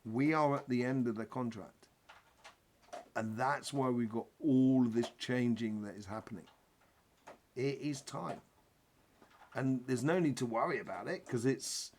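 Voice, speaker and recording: A man hosting a live spiritual Q&A, talking in a rambling, chatty way with jokes. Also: medium pitch. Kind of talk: casual live-stream talk.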